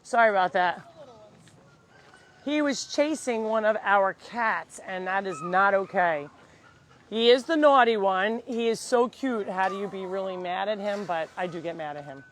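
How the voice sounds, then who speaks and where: A woman with a mid-range voice at normal speed chats casually through a handheld mic while touring visitors around her animal sanctuary farm outdoors. She coos at the animals in baby-talk, and a little background noise can be heard.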